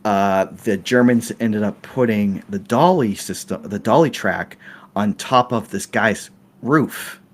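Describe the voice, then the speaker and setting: A man's voice: on the low side, unhurried. A middle-aged man hosting a podcast, telling a film-set story in a casual way, laughing and restarting his sentences often. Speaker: podcast host.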